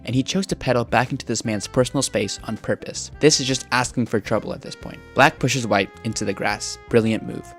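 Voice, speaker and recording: A man reading scripted, sarcastic mock chess commentary on online arguments. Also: fairly low pitch. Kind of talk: scripted narration.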